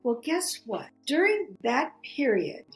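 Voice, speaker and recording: A woman's voice: high voice, takes it slowly, faint music behind, low-quality recording. Chatty storytelling woman, middle-aged. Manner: animated, chatty, acts out quoted voices. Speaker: podcast guest, author. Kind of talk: casual storytelling interview.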